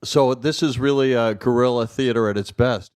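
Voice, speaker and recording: A man's voice: medium pitch, steady tone, normal speed, a little mellow, smooth. A man who directs theater, speaking casually to an audience and rambling with lots of fillers and restarts.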